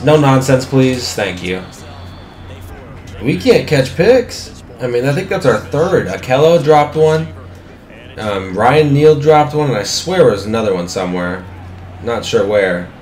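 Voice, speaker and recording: Young guy hyped up playing a football game, cussing at the screen, kinda roomy sound with faint music under it. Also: fairly low pitch. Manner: excitable, swearing, talks to the screen. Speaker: gaming commentator. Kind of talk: live game commentary.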